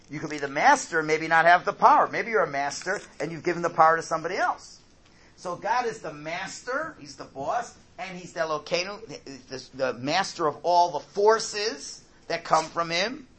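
A man teaching a religious class, explaining slowly, repeating his key points, and often checking in with "right?". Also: fairly high pitch, sharp tone, breathy edge. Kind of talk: classroom Torah lesson.

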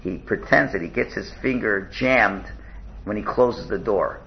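A man's voice: fairly low pitch, unhurried, gravelly, dull audio. A man teaching a religious text in a study lesson, often restarting and repeating words as he glosses Hebrew terms in English.

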